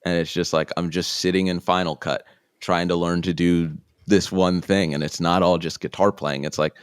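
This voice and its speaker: Deep-voiced young man, chatty and rambling. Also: moderate pace, smooth, no room sound, studio quality. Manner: rambling, filler-heavy, animated in quoted bits. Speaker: guest, guitar YouTuber. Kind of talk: casual interview chat.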